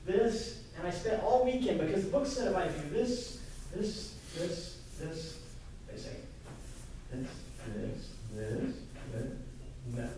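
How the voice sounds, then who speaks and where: A man from Kentucky giving a lively storytelling pitch to a live audience, acting out the dialogue as he goes. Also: slow, slight background noise. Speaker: entrepreneur presenter. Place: live event room, indoors. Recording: echoey room, mic far off.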